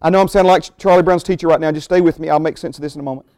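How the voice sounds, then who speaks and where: Male pastor, high clear voice, emphatic sermon teaching, dry close sound. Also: fairly even intonation, darkish tone, no echo. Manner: emphatic, slows down to stress key phrases; asides to the congregation in a quick low voice.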